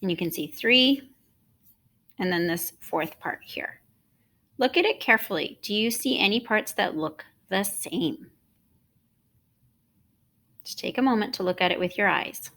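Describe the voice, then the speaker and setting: A woman teaching an online music lesson, explaining rhythm and solfege in a clear, patient, encouraging way. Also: mid-range voice, lively intonation, a little slow, pauses often, fairly bright tone.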